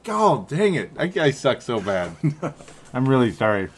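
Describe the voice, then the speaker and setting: A man co-hosting a casual sports podcast at a middling pitch. He rambles, stumbles over words and laughs at his own mistakes. His tone stays loose and self-deprecating. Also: sing-song, measured pace. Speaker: podcast host.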